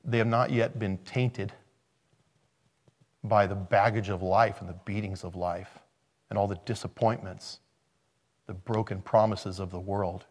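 Animated male preacher. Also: fairly low pitch, measured pace, pauses often. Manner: animated, acts out quotes, swings from loud to quiet. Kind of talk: sermon.

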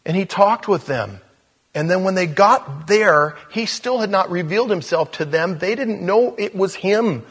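A man preaching a sermon in a conversational way, growing animated as he reads scripture aloud. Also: high voice, a little slow, slightly rough, in a large hall.

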